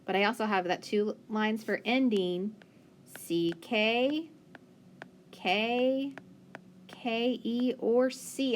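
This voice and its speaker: Patient and encouraging, a woman teacher guides young children through phonics, posing questions and praising what they say. Her voice is at a medium pitch, with a bit of hiss or hum audible.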